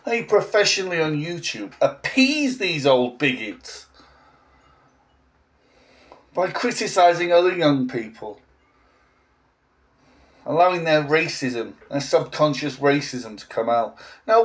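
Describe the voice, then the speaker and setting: A man in his forties, a language teacher, ranting in a blunt, sarcastic vlog monologue with an English accent. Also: on the high side. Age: 40s.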